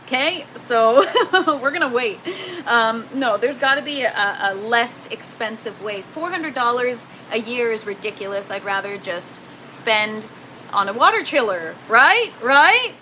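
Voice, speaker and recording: A woman's voice: on the high side, animated, measured pace, sharp tone, slight background noise, rough recording. A young woman hosting a casual livestream, chatty and laughing often as she greets viewers by name from an indoor grow tent. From Canada. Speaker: livestream host.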